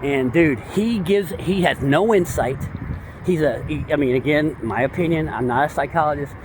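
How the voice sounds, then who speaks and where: A man in casual, rambling commentary, excitable and slangy, full of digressions. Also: a little high, normal speed, background noise. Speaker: true-crime commentator.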